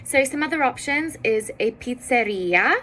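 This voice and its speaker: A woman teaching a beginner Italian lesson, explaining words in English and sounding out each Italian word slowly and carefully. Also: a little high, expressive, bright, forceful tone, poor audio. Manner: slow careful pronunciation of foreign words.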